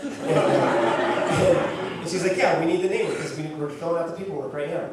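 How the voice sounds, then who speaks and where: A man sharing the story of adopting his son to an audience, animated and laughing as he acts out what people said. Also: a little high, moderate pace. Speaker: adoptive father sharing testimony. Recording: echoey room from far off with noise.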